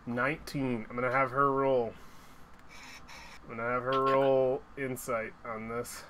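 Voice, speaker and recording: A man running a tabletop game as game master, narrating slowly and haltingly with frequent restarts. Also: medium pitch, little pitch movement, a crowd in the background.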